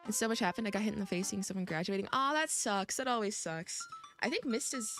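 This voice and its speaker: A woman's voice: mid-range voice, fast talker, a bit bright. A young woman streaming a dating game, chatting casually, giggling and rambling with self-teasing asides. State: coughing. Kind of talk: casual let's-play chat. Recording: faint music behind.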